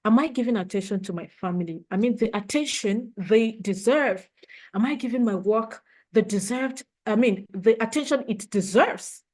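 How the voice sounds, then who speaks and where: A woman's voice: on the high side, moderate pace, a little mellow. Earnest woman giving a training talk. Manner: earnest, emotional, repeats points for emphasis. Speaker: leadership trainer.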